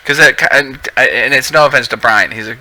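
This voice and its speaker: A man's voice: mid-range voice, fairly quick, pushed and bright, low-quality recording. A man casually thinking aloud on a live stream while he edits a video, rambling with many restarts. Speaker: video editor streaming his work.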